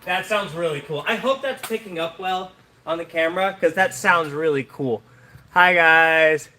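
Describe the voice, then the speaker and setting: A man's voice: a little high, moderate pace, sharp tone, distant mic, soft background music. A man hosting a casual live stream, chatting and thanking viewers between practice throws. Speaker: livestream host. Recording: echoey room with noise.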